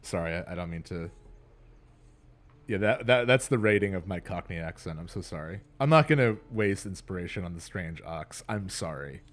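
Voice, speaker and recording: A man's voice: deep voice, expressive, normal speed. A man hosting a let's play, chatting casually and laughing often with self-deprecating asides. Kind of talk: casual gameplay commentary.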